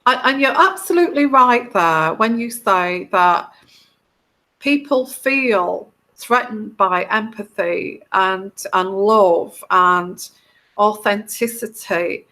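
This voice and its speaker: A woman hosts a live stream as a tarot reader, speaking slowly in a mid-range, sharp-toned voice. She talks to her viewers in a heartfelt, rambling way, frequently restarting sentences and slipping into put-on quoted voices.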